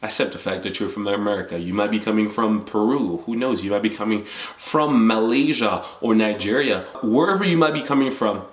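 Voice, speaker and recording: A man's voice: fairly low pitch, fairly quick, reverberant. A young man from the Congo, a native French speaker, giving an earnest, motivational talk and laying out numbered points. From Democratic Republic of the Congo. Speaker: vlogger. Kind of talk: reflective personal talk to camera.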